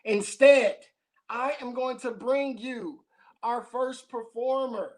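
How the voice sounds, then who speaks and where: A woman's voice: fairly high pitch, slow pace, darkish tone. A woman hosting a live open mic night, chatty and playfully teasing the audience.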